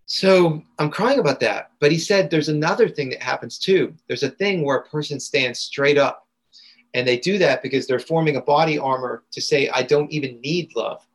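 Husky-voiced man telling a raw story. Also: a little high, moderate pace, rough recording. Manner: intense, raw, vivid retelling. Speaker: guest, integration coach. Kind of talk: emotional personal storytelling.

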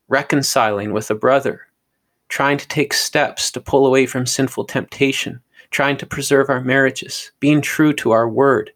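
A man's voice: mid-range voice, a bit bright. A man teaching on a podcast in an earnest, sermon-like way, often stumbling and repeating words. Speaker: podcast co-host teaching on scripture.

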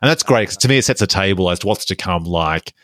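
A man's voice: low-pitched, animated, fast, fairly bright tone, dry recording, studio quality. A man co-hosting a podcast, talking about movies at length in an enthusiastic, analytical way. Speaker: podcast co-host. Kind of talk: casual film discussion.

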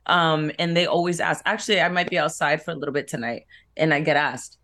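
A woman's voice: fairly low pitch, fast, fairly bright tone. Sassy woman co-hosting radio. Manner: sassy, blunt, laughing. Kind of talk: casual radio banter.

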